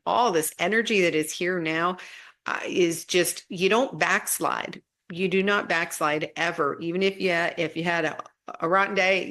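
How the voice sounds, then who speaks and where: A woman casually teaching about spiritual energy and healing, chatty and relaxed, often repeating herself and restarting sentences. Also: lowish voice.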